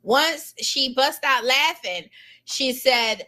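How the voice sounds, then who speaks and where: Middle-aged woman, fired-up storytelling, bright voice, kinda high. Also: slow. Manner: animated, emphatic, colloquial storytelling. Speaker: lawyer telling a personal story. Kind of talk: personal storytelling.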